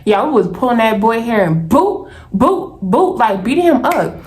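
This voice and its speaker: Young woman telling her story to the camera, animated, keeps saying y'all. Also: fairly high pitch, moderate pace. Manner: animated, talks straight to viewers as y'all. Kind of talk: casual storytime vlog.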